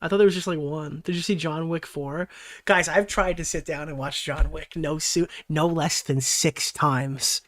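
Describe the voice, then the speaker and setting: A man's voice: on the high side, fairly even intonation, normal speed, a bit bright. A young man hosting a casual livestream, rambling and swearing as he answers chat, laughing often and slipping into mocking impressions. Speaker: streamer and commentary host.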